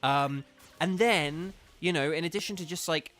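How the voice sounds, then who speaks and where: A man live-streaming a game, chatting loosely with his viewers, full of ums and quick laughs. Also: fairly high pitch, fairly bright tone, soft background music. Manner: rambling, lots of ums and laughs, answers chat. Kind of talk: casual live-stream chat.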